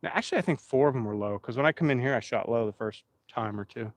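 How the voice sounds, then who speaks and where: A man's voice: mid-range voice, animated, quick pace, no room sound. Chatty man live-streaming. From Pennsylvania. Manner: rambling, chatty, talks straight to the chat. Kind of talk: casual live-stream chat.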